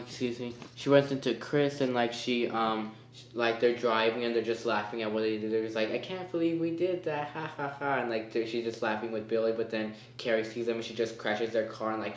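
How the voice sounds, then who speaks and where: A man giving a casual spoken movie review. He rambles and hesitates, with lots of fillers. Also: mid-range voice. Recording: echoey room.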